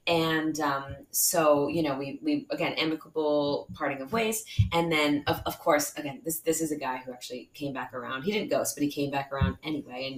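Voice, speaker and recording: A woman telling a dating story on a podcast, animated and full of restarts as she acts out what people said. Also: low voice, brisk, few pauses, slight background noise. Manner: animated, acts out quoted voices, many restarts. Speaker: podcast guest. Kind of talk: casual storytelling chat. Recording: echoey room.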